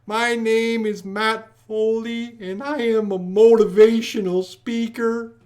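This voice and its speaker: A man doing an impression of a loud, shouting motivational speaker from a comedy sketch. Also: sits high, level tone, voice pushed up. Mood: bellowing. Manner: bellowing, drawn-out delivery.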